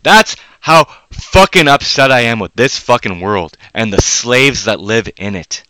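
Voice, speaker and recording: A man hosting a live stream, ranting with heavy swearing, swinging between loud angry outbursts and low mutters. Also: expressive, unhurried, no echo, low-quality recording. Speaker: livestream host. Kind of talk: profane live-stream rant.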